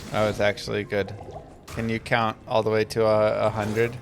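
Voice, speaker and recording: A man's voice: fairly low pitch, completely flat delivery, normal speed, gravelly. A man streaming a game live, laughing at an AI assistant and pushing it impatiently to do what he asks. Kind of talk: live gameplay stream chat. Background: game music.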